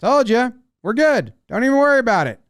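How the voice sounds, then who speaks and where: A man voicing a calm, confident male star pitcher with a breezy, reassuring manner. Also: a little fast, no echo, full character voice. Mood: coaxing.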